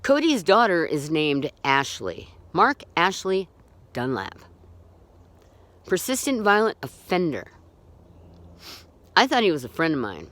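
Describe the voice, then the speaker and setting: Unhurried and pausing often, a woman with a low, slightly bright voice and big pitch swings gives an unscripted account of her own experience. She comes across as blunt, profane, agitated and indignant, frequently restarting what she says.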